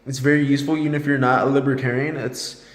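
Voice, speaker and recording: A man's voice: mid-range voice, flat delivery, fast talker. A man vlogging about a book he read, thinking aloud in a rambling, loosely structured way. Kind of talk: casual book talk to camera. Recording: echoey room with long reverb.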